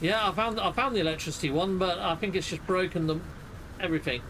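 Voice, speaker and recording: A man hosting a multiplayer game stream, chatting casually and joking excitably with friends. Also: high-pitched, quick pace, a little hiss or hum. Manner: jokey, excitable, lively. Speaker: streamer host. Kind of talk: casual gaming chat.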